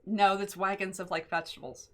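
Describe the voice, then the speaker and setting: A woman chatting casually as a player at a tabletop game, lively and giggly. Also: mid-range voice, brisk, a little hiss or hum.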